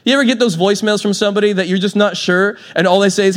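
A man's voice: high voice, fairly even intonation, very fast, fairly bright tone. A man preaching a sermon in a church, telling stories with a playful manner and laughing often. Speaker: pastor.

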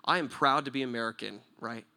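A man preaching a sermon, swinging between loud emphatic points and hushed storytelling and often checking in with his listeners with a quick "right?". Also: mid-range voice, vocal fry. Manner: talks to the listeners directly with frequent "right?".

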